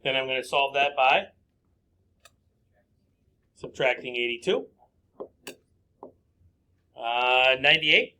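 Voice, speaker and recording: A man's voice: mid-range voice, slow, long pauses, bright, forceful tone. A man teaching a recorded math lesson, working through problems step by step and asking himself questions aloud before answering them.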